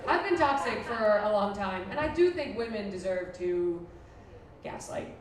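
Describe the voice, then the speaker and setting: A woman's voice: medium pitch, expressive, moderate pace. A woman in her thirties from Buffalo doing a brash, crude, self-mocking stand-up set in a former library before a live audience. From Buffalo, New York. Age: 30s. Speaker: stand-up comedian. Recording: echoey distant room mic with noise. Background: audience laughter.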